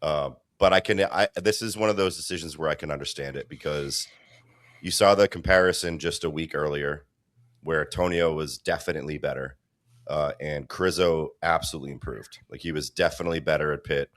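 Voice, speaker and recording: A man's voice: a bass voice, a little fast, a bit bright, dry recording, studio quality. A man co-hosting a casual podcast, giving blunt, opinionated takes and swearing casually. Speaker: podcast co-host.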